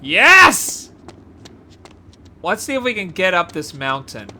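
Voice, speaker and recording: A woman gives excited gameplay commentary, often gasping and exclaiming as she explores. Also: fairly low pitch, a little fast, slight background noise. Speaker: gameplay video creator.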